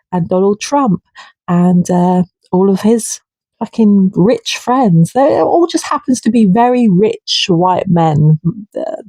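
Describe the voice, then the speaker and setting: A woman's voice: on the low side, dark tone, no room sound. A woman ranting to camera, heated and indignant, swearing freely. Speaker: vlogger. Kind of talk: impassioned political rant.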